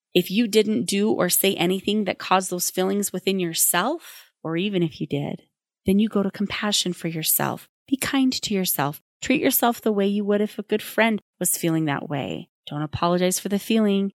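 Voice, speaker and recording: A mother giving parenting advice in a candid monologue, brisk and emphatic with a wry, plainspoken humor. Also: mid-range voice, dry recording. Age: adult with children.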